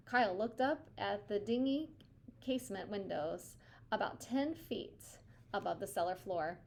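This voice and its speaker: A woman reading a children's novel aloud with an expressive, steady delivery. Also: mid-range voice, measured pace, vocal fry, slight background noise. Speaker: reader.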